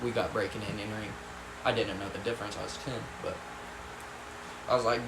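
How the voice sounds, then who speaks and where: A man's voice: on the low side, steady tone, brisk, heavy background noise. A young man telling a story casually, with lots of swearing and rambling asides. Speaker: vlogger. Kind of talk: storytime vlog. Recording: echoey room, faint ambience.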